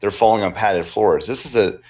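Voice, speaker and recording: A man's voice: fairly low pitch, moderate pace, a little mellow. A man hosting a podcast in a casual interview chat, asking curious, probing questions. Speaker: podcast host.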